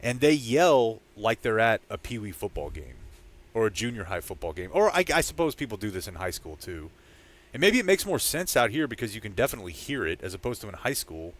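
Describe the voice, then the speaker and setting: Animated man telling a sports story. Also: lowish voice, a little fast. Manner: animated storyteller, shouts out quoted fans. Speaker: podcast co-host. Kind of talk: casual sports chat. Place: training camp site.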